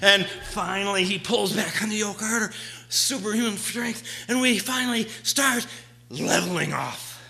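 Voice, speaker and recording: A man performing a live stage monologue, telling an adventure story dramatically, swinging from hushed to shouting. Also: high voice, normal speed, gravelly, rough recording. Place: small theater stage.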